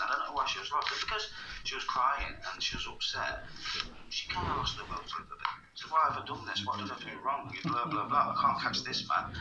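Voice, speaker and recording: A man's voice: medium pitch, roomy sound, far from the mic, highs cut off, background noise. A man from England telling a long personal story in casual, rambling speech, swearing freely and often slipping into half-whispers. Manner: rambling, swears casually, frequent "you know what I mean", drops into half-whispers. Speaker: vlogger.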